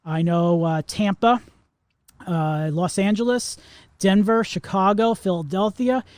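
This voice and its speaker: A man's voice: high-pitched, measured pace, darkish tone, no echo. A man in his forties hosting a podcast, rambling in a casual monologue full of fillers and restarts. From Florida, US. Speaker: podcast host.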